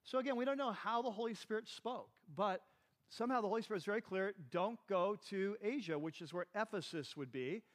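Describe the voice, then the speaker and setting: A fast-talking man with a high-pitched voice gives a conversational sermon as a Bible teacher. The pastor of a Bible class, he quizzes his listeners and often says "like" and "right."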